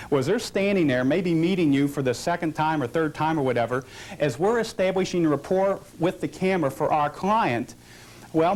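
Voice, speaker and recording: A man's voice: a little high, a little mellow. A man teaching a portrait photography lesson, asking questions and answering them, coaching a model through poses. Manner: explains with rhetorical questions, coaching a posing model. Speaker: photography instructor. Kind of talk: instructional demonstration.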